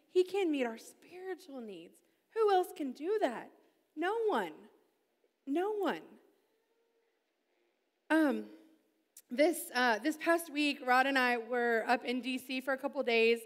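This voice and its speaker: Lively woman pastor preaching. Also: high-pitched, in a large hall. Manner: upbeat, playful, addresses the congregation directly. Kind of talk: sermon. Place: church hall.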